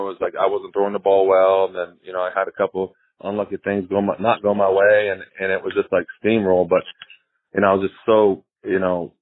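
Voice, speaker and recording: A former pitcher as a guest, telling stories in a rambling, casual way, often repeating himself and laughing. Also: male voice, no room sound. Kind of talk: casual storytelling interview. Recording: tinny phone line.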